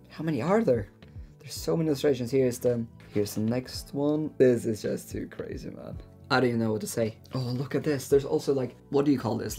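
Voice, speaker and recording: A man hosting a book haul video, gushing and exclaiming as he unboxes his book mail. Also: mid-range voice. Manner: excitable, gushing, breathless exclamations. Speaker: book YouTuber.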